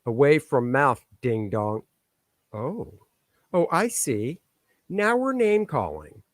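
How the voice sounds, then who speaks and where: A man's voice: mid-range voice, sing-song, slow, no echo. A man hosting a casual live stream from his home studio, chatting and joking in an easygoing way while he troubleshoots his own setup. His mid-range voice comes through a stand microphone, close and dry with no room sound.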